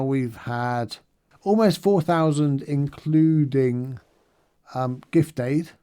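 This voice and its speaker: A man's voice: mid-range voice, dark tone. Chatty middle-aged man, upbeat video diary. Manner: chatty and upbeat, rambling asides with fillers. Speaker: charity challenge fundraiser. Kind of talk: casual video diary recap.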